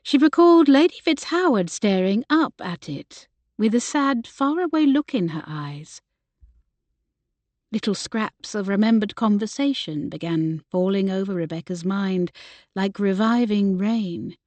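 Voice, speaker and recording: A woman reading an audiobook with measured, even storytelling, close to a studio mic. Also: medium pitch, no echo. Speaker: audiobook narrator. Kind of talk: scripted narration.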